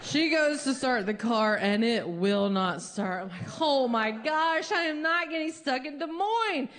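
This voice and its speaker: On stage, a female stand-up comedian unspools a long comic story at an unhurried pace. She's animated, and her pitch leaps high whenever she acts out quotes.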